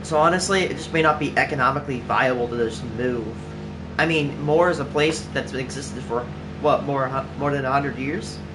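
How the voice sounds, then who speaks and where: A man's voice: mid-range voice, moderate pace. A man chatting casually on a livestream while he plays, rambling with lots of "like" and restarts. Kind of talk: casual chat while playing a game on stream. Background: clear background music.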